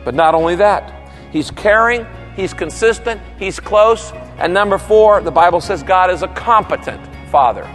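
A middle-aged male pastor giving an animated, folksy sermon with humor to a large congregation. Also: high voice, normal speed, faint music behind. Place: large church hall. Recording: long reverb of a big hall.

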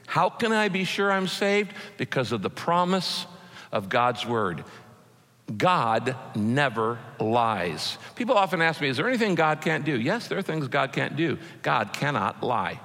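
A man's voice: mid-range voice, pushed and bright. A man preaching a sermon as pastor, emphatic and repeating his key phrases. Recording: echoey hall with long reverb.

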